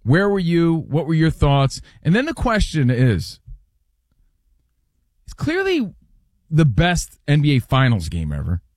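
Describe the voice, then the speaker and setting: Lively man talking sports. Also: on the high side, normal speed, few pauses, no echo. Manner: animated, teasing, excitable. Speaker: podcast co-host. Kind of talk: casual sports chat.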